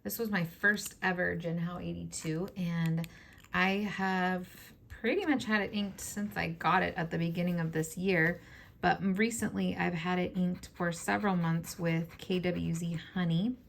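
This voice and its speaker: A woman with a scratchy, hoarse voice chatting in a relaxed, enthusiastic way, with plenty of fillers. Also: lowish voice, measured pace. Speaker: fountain pen vlogger. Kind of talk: casual show-and-tell.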